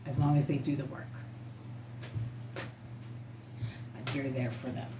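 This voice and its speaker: A woman's voice: a bass voice, level tone, takes it slowly. A woman tarot reader talking casually to camera in an emphatic, rambling, outspoken way. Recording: echoey room, faint background noise.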